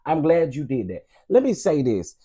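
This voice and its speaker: A man's voice: fairly high pitch, wildly swooping pitch, moderate pace, breathy edge. Emphatic ranting male commentator. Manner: loud, emphatic, sassy. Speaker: online commentary host.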